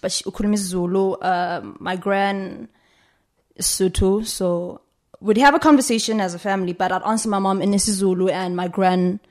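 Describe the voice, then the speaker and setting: A woman's voice: mid-range voice, fairly quick. A young South African woman with a South African accent, a podcast guest chatting casually and laughing often. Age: young adult. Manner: giggly, animated.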